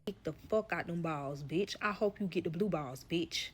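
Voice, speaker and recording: A woman's voice: lowish voice, moderate pace, breathy edge, faint music behind. A woman telling a personal story in casual, profane fashion, talking straight to her audience. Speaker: storyteller guest.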